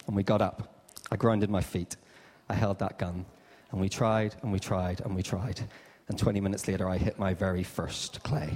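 A man, a pastor giving an Easter sermon, telling stories animatedly and acting out the dialogue. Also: mid-range voice. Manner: animated storyteller, acts out dialogue. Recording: long hall reverb.

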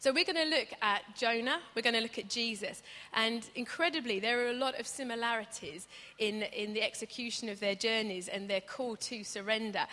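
A woman's voice: on the high side, fairly quick, few pauses, pushed and bright. A woman preaching a conversational sermon, chatty and humorous, acting out stories as she goes. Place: church hall. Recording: reverberant church hall.

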